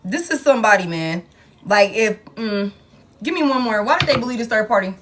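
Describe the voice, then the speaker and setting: A woman's voice: fairly high pitch, animated, fairly quick, music in the background. Blunt, exasperated woman reading tarot. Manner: blunt, exasperated, swearing, repeats phrases for emphasis. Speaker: tarot reader. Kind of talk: live collective tarot reading.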